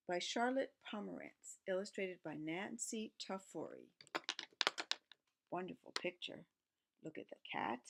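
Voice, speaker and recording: Slow, lively-voiced woman reading aloud. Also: lowish voice, vocal fry. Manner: chatty, musing, plays animal sounds. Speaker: picture book reader. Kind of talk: casual read-aloud with asides.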